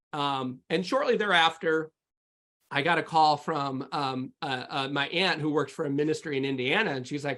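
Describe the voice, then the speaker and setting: A man's voice: fairly high pitch, fairly bright tone. A man who is a podcast guest, telling his personal faith testimony in a candid, rambling way with many fillers and restarts. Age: adult with sons.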